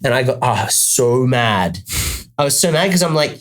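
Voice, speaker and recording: A man's voice: on the high side, lively intonation, very fast, a bit bright. A man with an Australian accent telling a rambling comic story in a casual chat, full of restarts.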